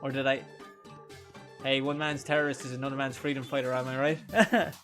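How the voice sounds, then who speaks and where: This live gameplay commentary comes from a young man who laughs often and tells crude jokes while streaming a game. He speaks slightly fast in a mid-range voice with little pitch movement, and music runs in the background.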